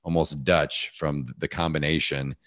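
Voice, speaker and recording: A man with a big, deep voice, talking casually as a guest in a podcast interview and telling animated stories. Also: a little slow, no room sound, clean studio sound. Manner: animated storyteller, acts out voices.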